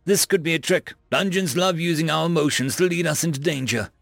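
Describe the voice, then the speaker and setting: A man's voice: on the high side, fairly quick, creaky, fairly bright tone, no room sound, studio quality, faint music behind, voice pushed up. A man voicing a stern, greedy male squad leader who speaks in curt, snapping commands. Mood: commanding.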